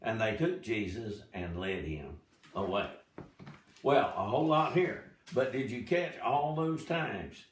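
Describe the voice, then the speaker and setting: A man teaching a Bible study, reading scripture aloud slowly and dramatically, with short explanatory asides. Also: on the low side, animated. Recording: echoey room, mic at a distance.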